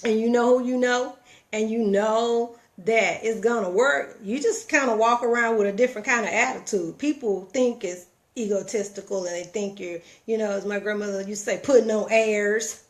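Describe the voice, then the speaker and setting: A middle-aged woman speaks in a folksy, preaching tone, pushing her listeners to get moving. Her voice sits a touch high and she tells her stories with lively, animated energy. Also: normal speed. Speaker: motivational vlogger. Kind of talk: casual motivational talk.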